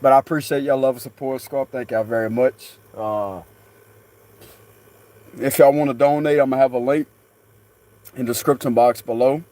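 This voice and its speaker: The host of a spiritual tarot channel talks casually to viewers from his phone, rambling, cracking jokes, laughing often and cursing without restraint. His voice is medium-pitched and mellow, with fairly even intonation, normal speed and long pauses.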